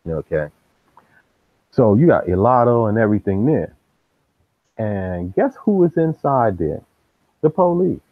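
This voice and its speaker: A man's voice: lowish voice, a little slow, long pauses. A man hosting a live stream who tells street stories in loose slang, jumping into the voices of the people in them. The sound is thin and phone-like. It is dry, with no room echo. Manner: streetwise slang, animated acting out of quotes. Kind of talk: casual storytelling.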